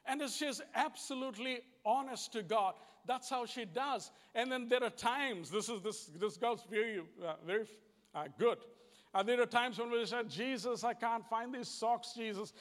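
Kiwi guy preaching, fairly high voice, earnest and repeats himself, echoey hall sound. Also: moderate pace, a bit bright. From New Zealand. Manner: earnest, repetitive, plain-spoken. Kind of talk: conversational sermon. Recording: long hall reverb.

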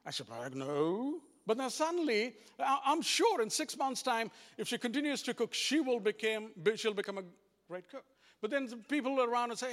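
High-voiced man preaching in a hall. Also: moderate pace. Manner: animated, repetitive restarts, addresses congregation directly. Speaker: pastor. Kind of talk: sermon.

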